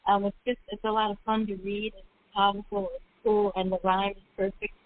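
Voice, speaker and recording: A woman's voice: medium pitch, little pitch movement, fairly quick, dry recording. A woman co-hosting an online poetry radio show, chatting and giving friendly praise. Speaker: co-host. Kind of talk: casual radio chat. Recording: tinny phone line.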